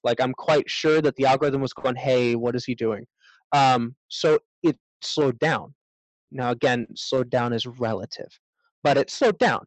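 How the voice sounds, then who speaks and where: A man's voice: mid-range voice, unhurried, no room sound, poor audio. A man, a self-defense instructor, speaking as a guest in a casual interview, thoughtful and a bit rambling.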